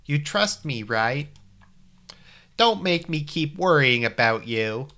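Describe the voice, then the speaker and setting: A man putting on a bright-voiced, fussy teenage girl from a visual novel, high and pleading as she nags her friend. Her tone is sharp and motherly, a worried childhood friend who won't let things go. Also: lively intonation, slow pace, exaggerated voice. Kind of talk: dramatic reading of a visual novel.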